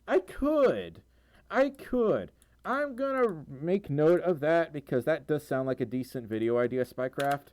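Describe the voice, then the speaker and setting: A man's voice: fairly high pitch, normal speed, hardly any pauses, a little mellow. A young man from Mississippi, hosting a casual livestream, answering viewer questions in a rambling, self-deprecating way with lots of ums and laughs. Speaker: livestream host.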